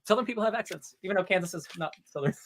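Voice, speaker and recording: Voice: medium pitch, racing. A podcast co-host, joking playfully in casual chat. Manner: playful, jokey, animated.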